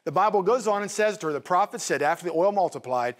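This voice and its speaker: A man's voice: high-pitched, animated, fast talker. A man, a pastor co-hosting a TV talk show, teaching from the Bible in a folksy, emphatic way and turning to his wife with asides.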